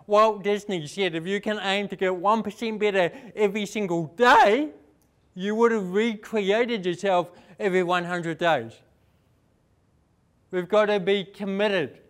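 A young man from New Zealand with a New Zealand accent, giving a fast, emphatic motivational talk and asking the audience questions. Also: sits high, clean tone. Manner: fast-talking, rising and falling for emphasis, asks the audience questions. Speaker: inspirational speaker. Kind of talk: motivational speech.

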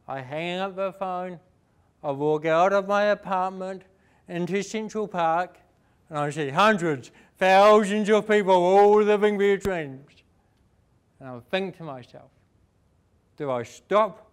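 Fast-talking New Zealand man, motivational speaker. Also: high-pitched, clean tone. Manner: fast-talking, rising and falling for emphasis, asks the audience questions. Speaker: inspirational speaker. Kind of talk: motivational speech.

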